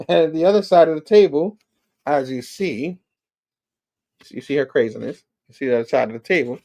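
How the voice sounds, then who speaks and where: Dude recapping an episode, lots of "he's like", bouncy voice, warm and low-key. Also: expressive, brisk. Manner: retells scenes in loose "he's like" quotes, doing voices. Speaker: show host.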